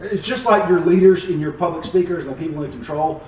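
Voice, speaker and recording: Guy teaching bible stuff in a church, fairly high voice, lively and jokey, sounds kinda far from the mic. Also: fast, a little hiss or hum. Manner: animated, joking. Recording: echoey room, distant mic.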